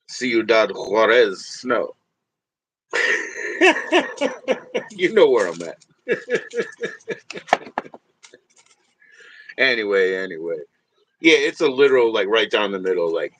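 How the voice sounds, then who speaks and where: Male livestreamer with a lowish voice, loose and profane, chatting and laughing with viewers. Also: fairly bright tone, slightly rough, no echo. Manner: rambling, profane, laughs often, talks to viewers. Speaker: livestream host. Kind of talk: casual livestream chat.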